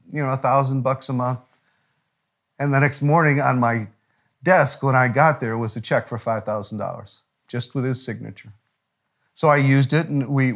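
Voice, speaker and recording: A middle-aged man preaches as a pastor at a medium pitch. He tells a personal story with halting restarts. At tender points his voice drops low and hushed, close to a whisper. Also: gravelly. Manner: storytelling with frequent restarts, softening to a near whisper at emotional moments. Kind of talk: sermon.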